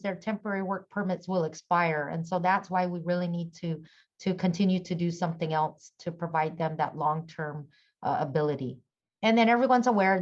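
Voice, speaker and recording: A middle-aged woman speaking as a conference panelist, earnest and halting with many fillers. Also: on the low side, darkish tone, lo-fi sound. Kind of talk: conference presentation.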